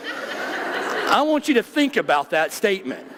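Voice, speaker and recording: Folksy pastor in a reverberant church. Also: male voice, high voice, very animated, unhurried, noisy background. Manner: joking, folksy, talks straight to the congregation. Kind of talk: conversational sermon. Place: church sanctuary. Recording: long reverb of a church sanctuary.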